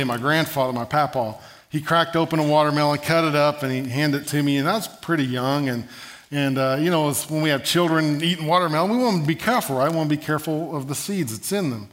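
A man preaching a sermon, telling humorous stories in an animated way and asking the congregation for an amen. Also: a little high. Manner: animated, humorous storytelling with call-and-response.

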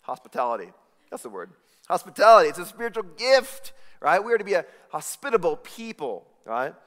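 A male pastor preaching a sermon, swinging between hushed lines and loud emphatic bursts, often stumbling and restarting words. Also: on the high side, huge pitch swings, a little fast. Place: church hall. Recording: long hall reverb.

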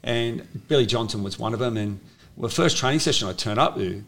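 A former rugby league player from Australia, now in his fifties, rambles through stories in a relaxed interview, frequently starting over. He speaks briskly in a gravelly, medium-pitched voice with a fairly bright tone.

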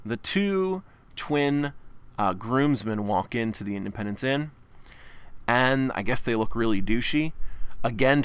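A man's voice: medium pitch, a bit bright. A man co-hosting a podcast, chatting casually and rambling with frequent restarts. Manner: rambling, self-interrupting, laughs often. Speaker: podcast co-host. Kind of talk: casual chat.

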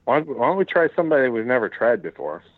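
A man's voice: mid-range voice, sing-song, fast talker, phone-quality sound. A man co-hosting a casual sports podcast, arguing his points bluntly. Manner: blunt, argumentative. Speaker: podcast co-host. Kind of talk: casual chat.

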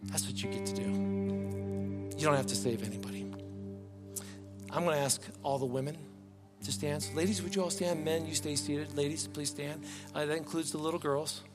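A man's voice: fairly high pitch, moderate pace, pauses often. A man preaching a sermon as pastor, earnest and pleading, often restarting his words. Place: church sanctuary. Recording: long reverb, faint music behind.

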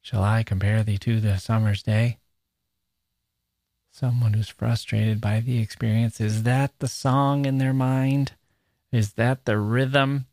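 A man hosting a podcast about poetry, talking in an animated way and acting out rhythms with nonsense syllables. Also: mid-range voice, slow, no room sound. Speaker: podcast host.

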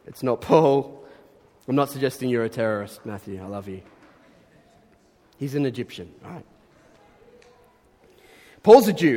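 A man preaches to his congregation in an earnest, conversational way that swells into emphatic bursts. His voice sits at a middling pitch. It rings with long reverb, as if carried through a large hall. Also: warm tone. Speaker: pastor. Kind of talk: sermon.

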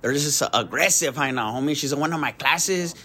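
A man's voice: a little high, brisk, bright, forceful tone. A man playing an upbeat cholo fitness instructor who talks in a laid-back, slang-heavy way and keeps drawing out "homie.". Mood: easygoing.

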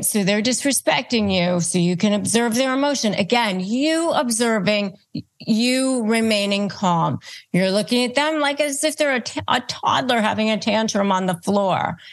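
A woman host giving advice, walking through numbered steps with deliberate emphasis and acting out calm replies and knowing looks. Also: mid-range voice. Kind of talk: instructional advice talk.

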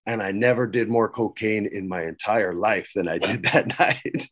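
A man's voice: fairly low pitch, normal speed, hardly any pauses, a bit bright. A middle-aged man, a podcast guest, telling stories in a casual way and acting out the quoted lines with a raised voice. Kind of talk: casual storytelling.

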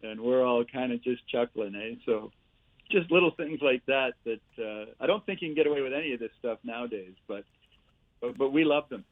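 A man in his sixties spins lively hockey anecdotes, tagging lines with "eh" and laughing as he goes. His voice comes through a thin, phone-like line with a dry, close sound. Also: mid-range voice, brisk, no echo. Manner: animated anecdotes with laughs and "eh" tags. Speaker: guest, former player and coach. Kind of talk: storytelling interview.

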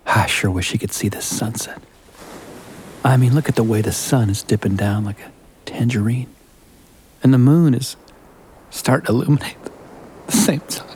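An actor playing an earnest, laid-back guitarist who gets emotional, in an audio drama. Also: male voice, mid-range voice, moderate pace, pauses often, a little mellow, natural voice. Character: sentimental laid-back male guitarist, calls everyone bro. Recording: noisy ambience behind.

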